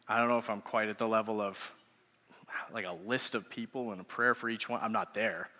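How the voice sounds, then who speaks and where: A man's voice: on the low side, fairly even intonation, brisk, bright, forceful tone. A man in his thirties, a youth pastor, giving a sermon through conversational storytelling. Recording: echoey hall reverb.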